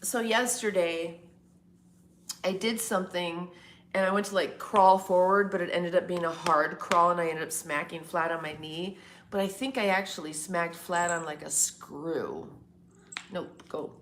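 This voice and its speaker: A woman's voice: on the low side, a little slow, a little hiss or hum. A woman hosting a casual morning livestream from home, rambling and chatting back to viewers' comments. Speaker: livestream host. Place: home, indoors.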